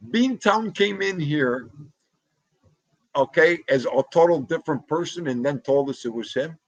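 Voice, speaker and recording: A man hosting a casual livestream from home, loudly greeting chatters by name and reacting to comments. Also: fairly high pitch, expressive, unhurried, dry recording, highs cut off. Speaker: livestream host. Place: home room.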